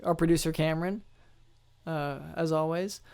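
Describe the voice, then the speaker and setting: A man's voice: on the high side, fairly even intonation, moderate pace, darkish tone, smooth. A man hosting a podcast, chatting playfully and reading a jokey scripted outro. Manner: playful, wraps up with thank-yous. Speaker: podcast host. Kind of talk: casual chat and scripted outro narration.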